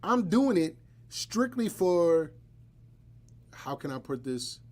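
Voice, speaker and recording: A man's voice: fairly high pitch, takes it slowly. A man hosting a live podcast, chatting casually and bluntly with joking asides. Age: adult, married. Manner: blunt, joking, animated storytelling. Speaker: podcast host.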